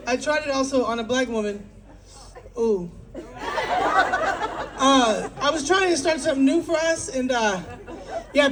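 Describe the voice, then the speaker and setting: A woman performing an animated stand-up set on a club stage, acting out little quoted voices. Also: high voice. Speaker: stand-up comedian. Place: comedy club stage with laughing crowd. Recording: loud crowd laughter.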